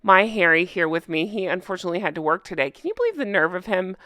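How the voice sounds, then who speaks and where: A woman's voice: on the low side, very animated, fast talker, bright, forceful tone, no room sound, studio quality. A woman hosting a casual commentary vlog, sarcastic and laughing often. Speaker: commentary channel host. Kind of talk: casual commentary vlog, reading news aloud.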